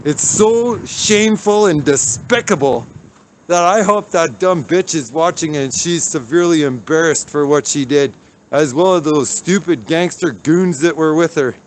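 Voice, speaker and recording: A man's voice: a little high, unhurried. A man livestreaming as he walks outdoors downtown, ranting angrily and swearing. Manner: furious, profane ranting. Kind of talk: angry walking livestream.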